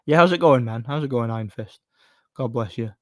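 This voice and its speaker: A man's voice: mid-range voice, fairly quick, a little mellow, no room sound, clean studio sound. A man, hosting a live stream and chatting bluntly about boxing while reading out comments. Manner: blunt, opinionated, rambling with restarts. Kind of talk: casual stream talk, reading chat.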